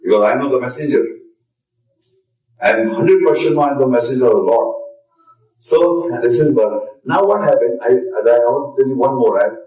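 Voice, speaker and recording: A man's voice: medium pitch, expressive, normal speed, dark tone. A man gives a religious lecture, answering a questioner in an insistent, repetitive, emphatic way. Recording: echoey room, distant mic.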